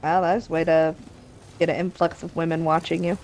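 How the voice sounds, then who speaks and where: A woman's voice: sits low, level tone, fairly quick, a little mellow, slight background noise. A woman on voice chat during a game stream, teasing her friend and laughing often. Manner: teasing, giggly. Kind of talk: casual gaming chat with friends.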